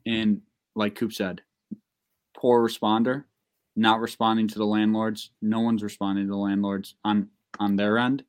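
A young man telling a long, profane, excitable story in a casual podcast chat. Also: lowish voice, unhurried, clear, resonant tone. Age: young adult.

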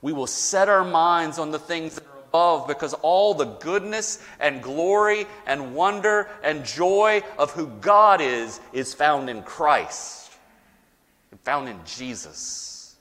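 Lively preaching man in a reverberant hall. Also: fairly high pitch. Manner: lively preaching with dramatic pauses and rising emphasis. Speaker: pastor. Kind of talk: sermon.

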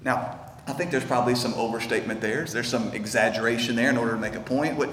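A man's voice: mid-range voice, fast talker, a bit bright, a little hiss or hum. A male pastor preaching an earnest, intense sermon in a church, often stammering and repeating words as he builds. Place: church sanctuary. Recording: echoey hall with faint ambience.

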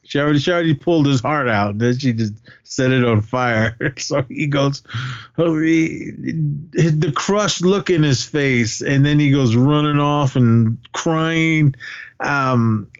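A man's voice: mid-range voice, a little slow, dry recording, muffled recording. A man co-hosting a podcast, casually retelling movie scenes, often laughing and swearing now and then. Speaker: podcast co-host. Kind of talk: casual movie recap chat.

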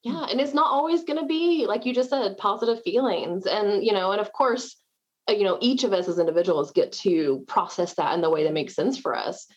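Woman, middle-aged, husky edge, muffled remote audio, chatty. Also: mid-range voice, a little fast. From American South. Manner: chatty, animated, self-deprecating with frequent laughs. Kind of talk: casual conversation. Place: at home.

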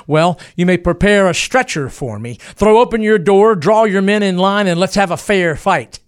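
A man's voice: a little high, expressive, moderate pace, lightly acted. A man voicing a defiant, cornered male fugitive with a lame leg, taunting his pursuers in a dramatized history narration.

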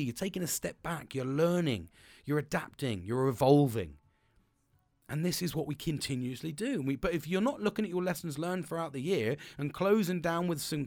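On his podcast, a young man rambles through a casual motivational monologue, swearing without restraint and laughing a lot. His voice leans toward the high side, captured with clean studio sound and no echo.

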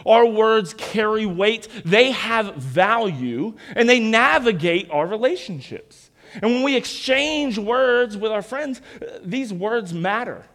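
A young male pastor preaching in a chatty, storytelling way, asking the congregation questions. His voice sits high and moves freely up and down, lively and expressive. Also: slow pace. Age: 20s. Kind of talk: sermon.

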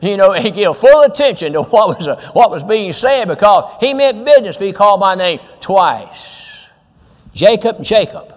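A man's voice: sits high, sing-song, normal speed, big-room sound. A male pastor, preaching a sermon with emphatic repetition and scripture quotes.

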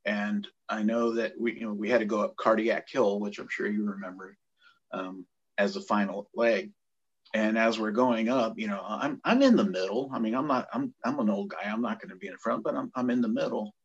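A middle-aged man, a former corpsman, telling a story from his training in a casual, animated way, and acting out the voices of the people in it. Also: lowish voice, moderate pace, breathy edge, lo-fi sound. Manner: animated, acts out quoted voices. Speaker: guest, former Navy corpsman.

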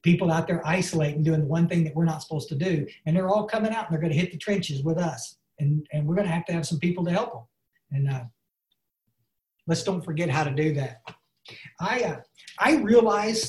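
A man's voice: on the high side, darkish tone, echoey room. A man giving an earnest, folksy recovery talk full of "and, uh" fillers. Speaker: recovery speaker. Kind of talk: personal testimony talk. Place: online meeting.

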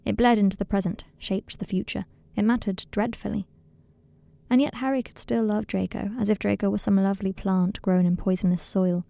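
Gravelly woman reading a story. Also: mid-range voice, no echo. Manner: calm, measured storytelling. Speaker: fan fiction reader. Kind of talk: audiobook narration.

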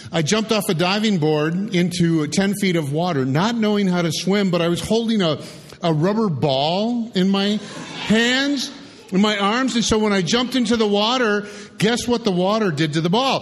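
An older man telling a childhood story live on stage in an unhurried, folksy, reflective way. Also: sits high, long reverb tail.

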